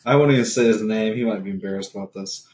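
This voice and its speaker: A man's voice: on the low side, fast talker, darkish tone. A man co-hosting a casual podcast, telling a story from his weekend in an easygoing, joking way and laughing at himself. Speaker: podcast co-host.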